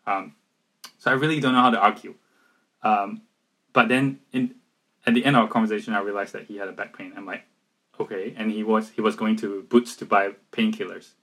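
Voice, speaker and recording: A man with a husky, fairly low voice speaks earnestly about faith. He talks haltingly, circling back with restarts and fillers as he tells his story, in a relaxed conversational way. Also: rough recording.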